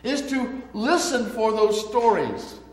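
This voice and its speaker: Slow-preaching pastor in an echoey church. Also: male voice, very high-pitched, very animated. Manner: slow, drawn-out preaching with sudden loud and soft swings. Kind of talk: sermon. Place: church sanctuary. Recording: echoey church sanctuary with long reverb.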